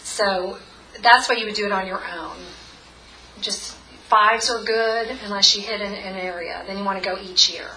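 A woman's voice: mid-range voice, steady tone, normal speed, pushed and bright. A woman in her forties leading a guided group tapping session, chatty and encouraging, with many fillers. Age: 40s. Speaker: workshop leader. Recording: echoey room, mic far off, faint noise.

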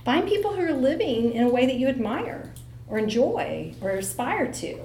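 A middle-aged woman giving a motivational talk to a live audience, telling stories with lively acted-out quotes. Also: sits high, moderate pace, reverberant, slight background noise. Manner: animated storyteller, acts out voices in quotes. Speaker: speaker.

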